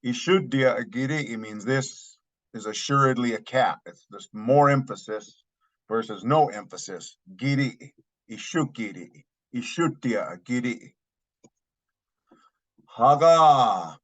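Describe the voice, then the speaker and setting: A man's voice: mid-range voice, a bit bright, rough recording. A man teaching a language lesson, saying each phrase twice so learners can follow.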